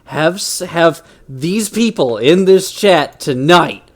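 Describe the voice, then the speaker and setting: A man's voice: on the high side, lively intonation, slow pace. Laughing, loose-talking male streamer. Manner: laughs often, swears casually. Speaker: streamer host. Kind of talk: casual live-stream chat.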